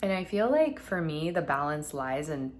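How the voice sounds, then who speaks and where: A woman vlogging at home, talking earnestly and thoughtfully to camera, often pausing with "like" and "you know". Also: low voice, very animated, slight background noise. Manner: earnest, musing, many fillers like "like". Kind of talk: reflective personal talk to camera.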